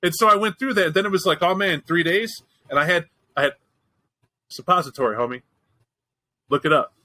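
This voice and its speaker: A man's voice: sits high, a little fast, sharp tone, rough recording. A man hosting a show, chatting casually and telling a candid, profane, joking story. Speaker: podcast host. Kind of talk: casual chat.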